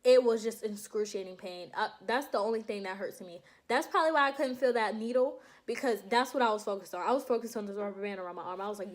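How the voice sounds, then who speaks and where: A young woman vlogging to her viewers in a casual, animated storytelling way, laughing often and calling them y'all. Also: medium pitch, fast talker, few pauses. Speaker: vlogger recounting her enlistment processing.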